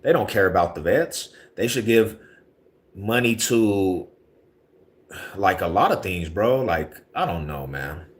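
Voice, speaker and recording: Deep voiced dude on a live stream, slangy and laid back, gets worked up ranting. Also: male voice, lively intonation, measured pace. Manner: laid-back slangy talk, rising to heated rants. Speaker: livestream host. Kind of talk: casual livestream chat reading viewer comments.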